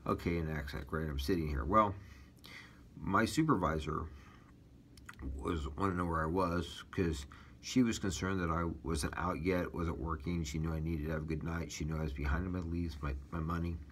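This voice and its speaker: A man's voice: low voice, fairly even intonation, normal speed, a bit bright, slight background noise. A man telling his personal testimony as a taxi driver, rambling casually with many fillers and restarts.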